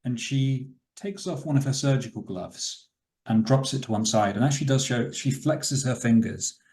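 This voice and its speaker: A man narrates as game master for a tabletop game, relaxed and loose, leaning on fillers as he sets scenes. His voice carries a noticeable echo from a roomy space. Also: mid-range voice, normal speed.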